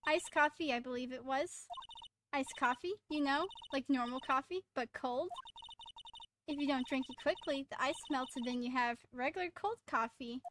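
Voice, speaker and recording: A woman's voice: high-pitched, moderate pace, background noise, natural voice. A woman voicing a haughty, snippy young witness. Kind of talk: reading game dialogue aloud.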